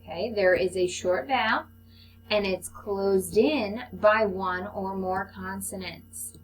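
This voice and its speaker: Slow, patient woman teaching phonics. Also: medium pitch, a little hiss or hum, poor audio. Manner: slow, patient, encouraging teacher talk to young children. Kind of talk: recorded online phonics lesson.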